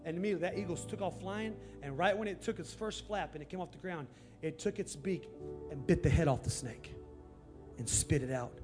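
A man preaches in a church, his voice sitting high. He tells his story quietly at first, then swells into emphatic shouts. Music plays clearly under his sermon. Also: a little fast. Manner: builds from hushed to shouted, emphatic. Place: church sanctuary.

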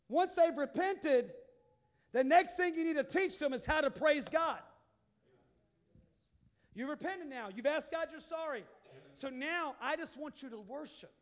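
A high-pitched man delivering a sermon. He drops to quiet, confiding asides, then rises into loud, emphatic calls. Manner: preaching with sudden shouted bursts and quiet asides. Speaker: pastor.

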